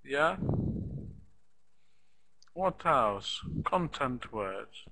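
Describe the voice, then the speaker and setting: A man's voice: medium pitch, sing-song, very slow, vocal fry, pushed and bright, rough recording. A man teaching pronunciation in a live online class, patiently repeating example sentences and asking the students questions.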